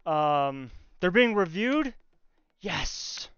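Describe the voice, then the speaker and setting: A man with a very smooth, crisp voice talks with his viewers in a slow, unhurried way, joking with the chat from his workshop. The sound is a little dull and dry, with faint music behind him. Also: a little high, fairly bright tone, no echo. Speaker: livestreamer talking to chat. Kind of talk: casual live-stream chat. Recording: slightly dull stream audio, faint music.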